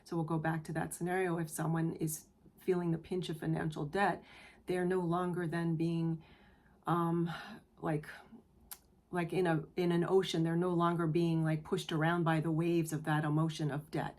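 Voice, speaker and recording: Woman, tarot reader, earnest, gentle, emotional, low-pitched. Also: little pitch movement, normal speed. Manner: gentle, earnest, affirming; emotional, near tears. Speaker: tarot reader, channel host. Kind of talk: spiritual tarot reading to camera.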